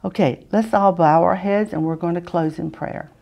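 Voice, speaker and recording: A woman teaching a children's Sunday school lesson, patiently asking the children questions and often clearing her throat. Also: fairly low pitch, normal speed, dark tone.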